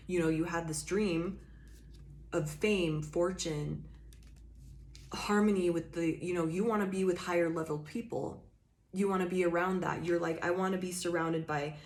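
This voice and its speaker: Low-voiced woman giving a blunt tarot reading. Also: a little mellow. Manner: emphatic, swears freely, addresses the viewer directly; loose rambling talk with frequent "like" and "you know". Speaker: tarot reader. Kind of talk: casual collective tarot reading.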